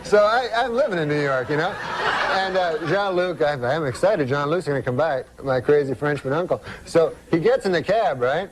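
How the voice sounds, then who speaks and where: Comedian guy rambling thru a story, deadpan drawl, faint hiss under it. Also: fairly high pitch, normal speed. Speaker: comedian guest. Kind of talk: talk show anecdote.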